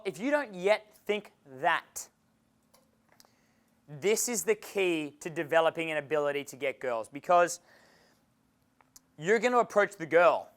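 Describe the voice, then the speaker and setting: Australian male coach, high voice, animated, profane seminar delivery, acts out dialogue. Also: smooth. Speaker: dating coach giving a seminar. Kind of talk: live seminar talk. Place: seminar room with an audience.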